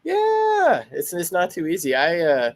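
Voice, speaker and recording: A man's voice: mid-range voice, animated, moderate pace, dry recording. Man, show host, casual chat, rambling storyteller, dry close sound. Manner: laid-back, rambling storyteller.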